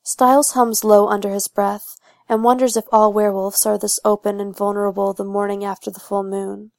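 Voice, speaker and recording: A woman narrates a fan fiction audiobook in a steady, even voice with noticeable vocal fry. Her pitch stays level and restrained. The close mic gives a dry, intimate sound. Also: normal speed, dry recording.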